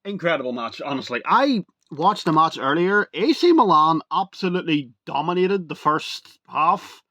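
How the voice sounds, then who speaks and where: Young man, casual review chat, rambling and excitable, dry close sound. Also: fairly high pitch, normal speed, dry recording. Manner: rambling and excitable, full of "like" and "literally". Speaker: video reviewer.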